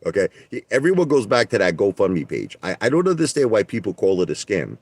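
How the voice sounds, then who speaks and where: A man's voice: lowish voice, huge pitch swings, brisk, a little mellow, slightly rough, no echo. A man hosting a livestream, talking in a defensive, repetitive, emphatic rant. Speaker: livestream host. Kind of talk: ranting livestream monologue.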